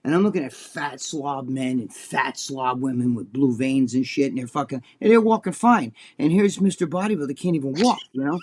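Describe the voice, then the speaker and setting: A man's voice: medium pitch, fairly quick, hardly any pauses, a little mellow. A man co-hosting a casual chat show, telling a long, rambling story full of swearing. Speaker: co-host.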